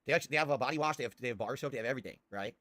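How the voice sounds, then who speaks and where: Male streamer, excitable and crude, bright forceful tone, rapid delivery. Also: mid-range voice, no echo. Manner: crude, swearing, excitable, bursts into loud laughter. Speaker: live-stream host reacting to old ads. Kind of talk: casual live-stream commentary.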